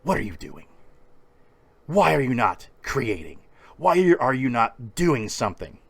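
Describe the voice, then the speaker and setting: A man voicing an imagined gruff male punk mentor who barks relentless orders. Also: mid-range voice, very animated, unhurried, voice pushed up, exaggerated voice. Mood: scolding. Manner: shouting, bullying, relentless.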